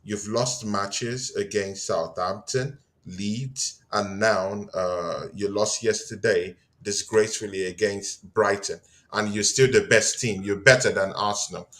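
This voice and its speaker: A man hosting a football talk show, speaking in a calm, measured way with some teasing. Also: on the low side. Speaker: host.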